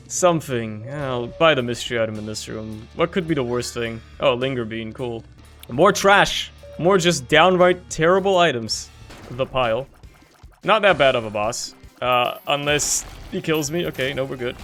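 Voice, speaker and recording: A man giving casual commentary on his own gameplay, swinging between low grumbling and loud frustrated outbursts. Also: animated, moderate pace, faint music behind.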